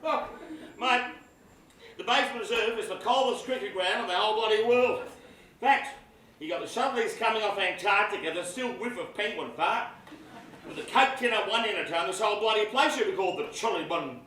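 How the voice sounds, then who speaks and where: An actor playing a loud, crude Australian cricket fan with an Australian accent who swears freely and cracks crude jokes. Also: male voice, sits high, brisk. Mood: bantering. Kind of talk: comedy film acting. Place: outdoor cricket ground stands. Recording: echoey, distant mic, background noise.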